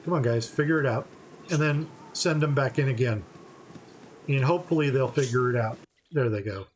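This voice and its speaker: A man giving relaxed, step-by-step commentary on a game playthrough. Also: medium pitch, moderate pace, a little hiss or hum, poor audio. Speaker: gaming channel host.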